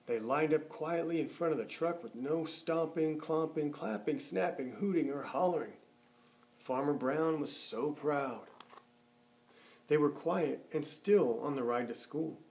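A man reading a children's picture book aloud, expressive, lifting his voice for the characters and dropping low and soft at the ends of sentences. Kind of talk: storybook read-aloud.

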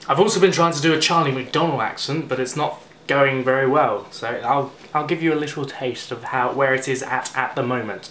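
A man's voice: mid-range voice, moderate pace, a bit bright. A young man rambling casually to camera, poking fun at himself. His mid-range voice sits in a roomy, echoey space with a faint hum behind. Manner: self-deprecating, rambling. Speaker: vlogger. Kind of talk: casual comedic vlog.

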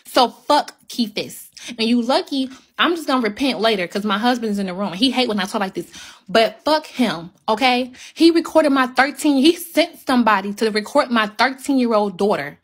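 A woman with a fairly high voice, speaking heatedly to her viewers on a phone livestream. She is emphatic and drives each point home by repeating it. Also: animated, a little fast, hardly any pauses.

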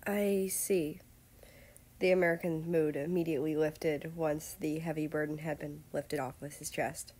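A woman reading fan fiction aloud as a steady storyteller. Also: sits low, normal speed, few pauses. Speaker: fanfiction reader.

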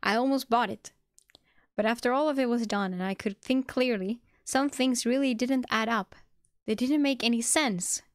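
A woman's voice: medium pitch, steady tone, normal speed, gravelly, darkish tone, dry recording, clean studio sound, lightly acted. A woman voicing a bitter, furious young man who confronts a rival in a snarling, accusing way.

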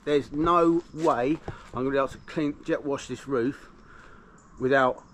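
A man's voice: mid-range voice, unhurried, fairly bright tone, a little hiss or hum, poor audio. A man who runs a roof cleaning business, chatting casually to the camera outdoors at a house with a garden. He rambles and often restarts his sentences. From England. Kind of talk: casual vlog narration.

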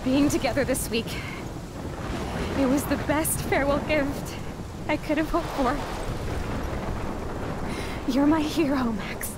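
A woman's voice: sits high, slow pace, pauses often. An actress playing a tough punk young woman saying a tearful, choked-up goodbye in a video game. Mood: tearful farewell. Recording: game audio under loud storm noise. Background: heavy rain and thunder.

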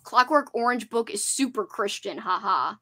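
Bright-voiced giggly young woman hosting. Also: a little high, expressive, normal speed. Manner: chatty and giggly, reads out viewer comments. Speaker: host of a horror book channel. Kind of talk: casual live-stream book club chat.

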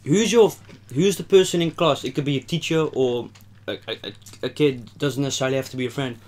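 A young man with a Dutch accent chats loosely through a casual eating video. He rambles, cracks jokes and lets his sentences drop off into a mutter. His voice sits at an ordinary middle pitch. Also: fairly quick. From Netherlands. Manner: rambling, joking, trails off quietly. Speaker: mukbang host. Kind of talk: casual chat while eating.

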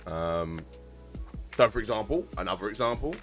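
London-accented male streamer, lowish voice, rambly and sweary, faint music behind. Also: expressive, normal speed, a bit bright. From South East London. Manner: rambling, chatty explaining with swearing. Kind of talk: casual chat with stream viewers.

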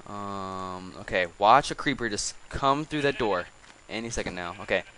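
A man hosts a casual video-game let's play, coaxing animals along and griping about them between chatty asides. His voice sits on the low side but has a bright, sharp edge. He sounds exasperated yet talkative throughout. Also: moderate pace, a little hiss or hum, rough recording. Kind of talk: casual gameplay commentary.

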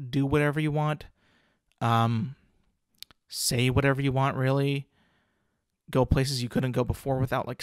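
A podcast host rambles through a casual solo episode, filling his speech with "like," restarting sentences and swearing casually. His voice is mid-range, and the recording is studio quality with no echo.

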